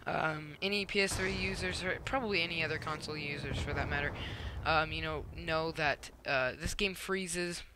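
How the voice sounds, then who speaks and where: A young man giving a casual gameplay commentary, telling a rambling, animated story with lots of "um" and "like". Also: fairly high pitch, moderate pace, background noise.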